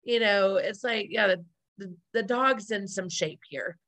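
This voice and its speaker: A woman's voice: mid-range voice, unhurried, fairly bright tone, no echo. A woman in casual chat, retelling a sitcom episode in a rambling way full of "like" and acted-out quotes. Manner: rambling, lots of "like" and "you know", acts out quotes.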